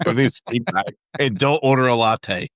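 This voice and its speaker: A man's voice: mid-range voice, normal speed, fairly bright tone, no room sound. A man co-hosting a podcast with teasing wisecracks. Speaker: co-host. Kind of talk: casual chat.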